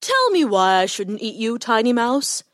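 A woman doing a big, sleepy male lion from a children's storybook, drawling with lazy, lordly amusement. The voice is a warped, lowered version of her own, slow and heavy on every word. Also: big pitch swings, fairly bright tone, no echo, studio quality. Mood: smug.

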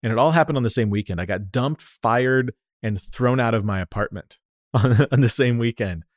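A man from the United States, a company founder, telling stories in an animated, lively way during a casual interview. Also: mid-range voice, moderate pace, no room sound, studio quality. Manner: animated, lively storyteller who acts out quotes.

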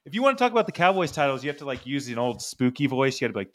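A man's voice: mid-range voice, sing-song, very fast, few pauses, fairly bright tone. A man hosting a sports podcast, ranting in mock anger with sarcastic jabs. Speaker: podcast host. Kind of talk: ranting casual chat.

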